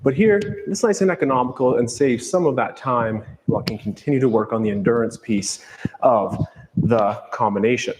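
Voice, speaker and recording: A man fitness instructor explaining kettlebell moves calmly during a follow-along workout. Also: mid-range voice, normal speed, big-room sound, background noise. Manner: calm, explanatory coaching cues.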